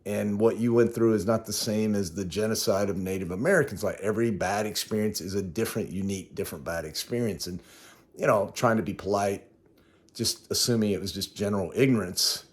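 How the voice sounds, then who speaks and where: A man's voice: lowish voice, fairly quick. A man vlogging a casual spoken recap of his day, rambling and correcting himself as he goes. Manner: conversational, rambling, self-correcting. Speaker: travel vlogger.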